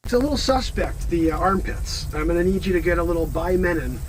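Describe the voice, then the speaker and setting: A man's voice: high voice, animated, fast talker, a little hiss or hum. A man playing a boastful, melodramatic time-traveling man who rants in exasperation in an improvised comedy sketch. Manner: exasperated rants, shouting, frequent exclamations.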